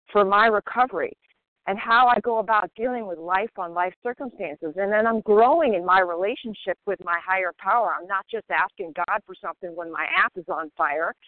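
A woman's voice: medium pitch, no room sound. A woman from Maryland sharing earnestly at a recovery phone meeting. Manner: earnest, emphatic, steady. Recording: dry tinny phone line.

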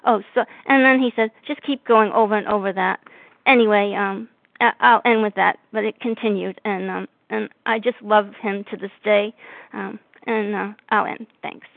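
Woman, from north of Boston, gravelly voice, halting with many fillers, thin phone-like call audio, dry. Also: medium pitch, steady tone, dry recording. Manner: halting, frequent fillers and restarts. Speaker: meeting member sharing. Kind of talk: personal recovery share. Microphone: video call.

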